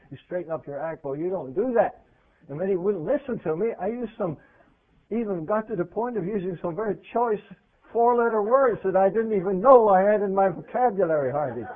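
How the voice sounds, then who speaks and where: Man, high-pitched, conversational sermon, questioning listeners, loud then hushed, tinny radio sound. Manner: conversational preaching, asks the audience questions, voice swings from loud to hushed. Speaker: preacher. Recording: tinny phone-like radio recording.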